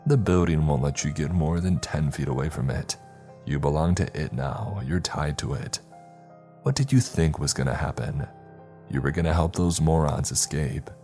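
Creaky, scornful villain, bossy and snappish; a man doing the voice. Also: a bass voice, moderate pace, warm tone, soft background music. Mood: menacing. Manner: snapping, contemptuous. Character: creaky-voiced ruthless male surveillance boss, villain.

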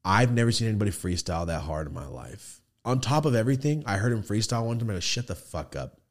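A man hosting a studio podcast, telling animated stories and acting out the people in them. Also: fairly low pitch, quick pace. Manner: animated storyteller, acts out quoted people, swears freely. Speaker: podcast host. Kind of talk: casual storytelling chat.

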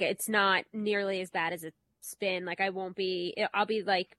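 A woman co-hosts a casual book club podcast. She talks in a relaxed way, drops in many fillers, and speaks emphatically, with her pitch in the middle of the range. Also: a little slow, no room sound. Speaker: podcast co-host.

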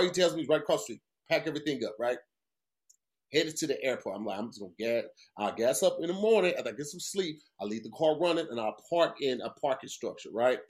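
Profane, storytelling podcast host. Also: male voice, on the high side. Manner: profane, animated storytelling with voiced quotes. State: tired. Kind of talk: casual storytelling.

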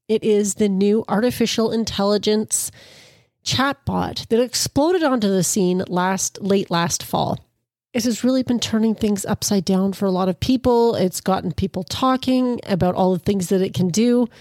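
A woman's voice: medium pitch, moderate pace, darkish tone, no echo, studio quality. A woman hosting a podcast, chatting casually with playful asides while introducing listener submissions. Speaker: podcast host.

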